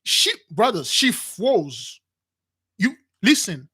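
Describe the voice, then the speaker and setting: His voice sits high with a breathy edge, and he takes it slowly as he relates a dramatic personal story to his listeners. The spiritual channel host acts out quotes animatedly, calls them "brothers," and his grammar is non-standard, with repeats and restarts.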